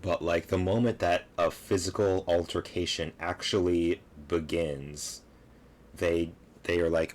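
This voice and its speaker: A man's voice: sits low, fairly even intonation, a little slow. A man giving casual reaction commentary on a video clip, laughing and mocking, rambling with lots of fillers.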